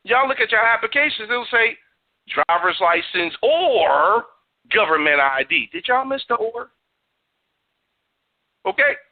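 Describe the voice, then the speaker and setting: A man's voice: high voice, expressive, a little slow, long pauses, narrow, tinny audio. A man hosting a radio talk show, preaching and cursing in a stream of rhetorical questions.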